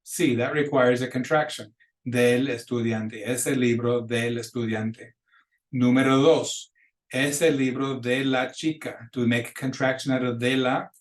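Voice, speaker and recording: A man's voice: mid-range voice, steady tone. Patient man teaching in an echoey room. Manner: patient, explains slowly with examples and repeats phrases. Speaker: Spanish teacher. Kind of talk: recorded lecture for students.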